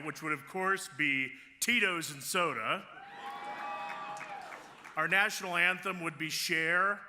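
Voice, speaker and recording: A man's voice: on the high side, slow pace, long pauses, noisy background. A man accepting an award at a gala, speaking with humor as a chamber of commerce leader. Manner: joking, lively public speaker. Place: large gala ballroom. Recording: reverberant hall sound.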